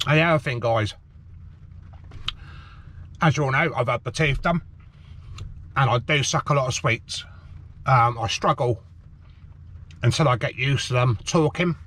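A man's voice: medium pitch, fairly bright tone, slightly rough. A middle-aged man from the Cotswolds chatting outdoors to his fishing channel viewers, rambling and calling them "guys", his speech thickened by a sweet in his mouth. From England, the Cotswolds. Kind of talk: casual vlog chat to viewers. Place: outdoors on the shore of a harbour, light rain. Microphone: camera on a tripod.

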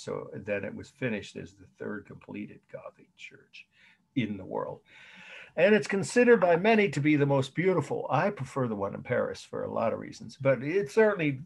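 A man's voice: medium pitch, gravelly, slightly rough. A middle-aged man giving a college art history lecture, repeating his points and thinking aloud with fillers.

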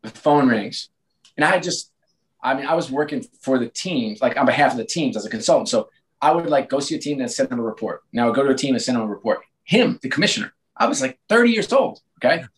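A man in his late forties, a sports team executive as a podcast guest, telling stories in a lively way with frequent restarts. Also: medium pitch, fast talker, rough recording. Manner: animated, frequent restarts and repeated words. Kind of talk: casual interview storytelling.

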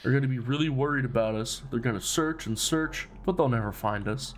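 A man's voice: mid-range voice, fairly quick. A man commentating casually on a horror game, reading its dialogue aloud and joking with lots of swearing. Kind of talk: casual let's play commentary.

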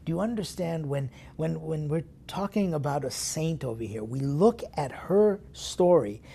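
Gravelly, mellow-voiced priest preaching. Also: male voice, a little high, expressive, moderate pace, a little hiss or hum. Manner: emphatic, swinging between loud stresses and hushed whispered asides; talks straight to listeners with rhetorical questions. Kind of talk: sermon meditation broadcast.

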